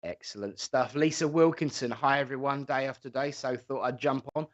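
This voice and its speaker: A man's voice: mid-range voice, fairly even intonation, normal speed, muffled recording. An English man co-hosting a live show, greeting viewers by name in casual chat and calling them "my darling". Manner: friendly, reads out viewer names, calls people "my darling". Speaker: co-host.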